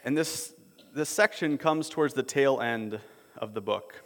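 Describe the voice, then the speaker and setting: A man preaching a sermon as a pastor, in a relaxed, conversational way, often repeating words as he restarts. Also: medium pitch, measured pace. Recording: long hall reverb.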